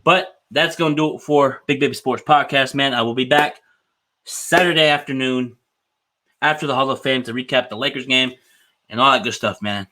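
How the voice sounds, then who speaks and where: A man's voice: mid-range voice, moderate pace, pushed and bright. A young man hosting a solo sports podcast, talking in an earnest, hyped way and ending nearly every phrase with "man". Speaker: podcast host.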